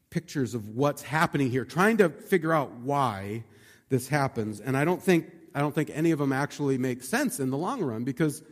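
Casual-talking pastor in an echoey hall. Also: male voice, fairly high pitch. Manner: conversational, uses many fillers like "like" and "right?". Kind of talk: sermon. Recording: long hall reverb.

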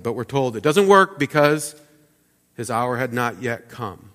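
A man preaching a sermon in a relaxed, conversational way, with restarts and explanatory asides. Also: medium pitch, measured pace, long reverb tail. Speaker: pastor. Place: church sanctuary.

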